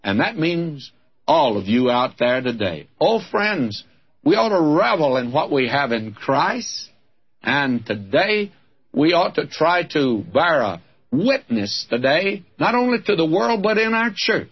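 A man's voice: a little high, big pitch swings, unhurried, husky, muffled recording. A man with a Southern American accent preaching a radio Bible sermon, fervent and exclamatory, calling his listeners friends.

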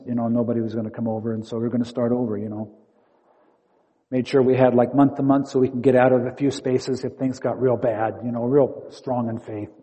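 Pastor preaching in a reverberant hall. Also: male voice, medium pitch. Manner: storytelling, acting out inner dialogue with shifting loudness. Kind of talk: sermon.

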